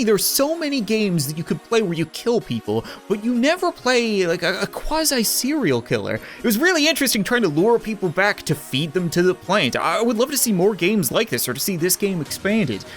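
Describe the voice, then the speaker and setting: A man, joking through casual game commentary as a YouTuber. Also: high-pitched. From Canada. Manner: joking, quick wrap-up chatter. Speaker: gaming YouTuber.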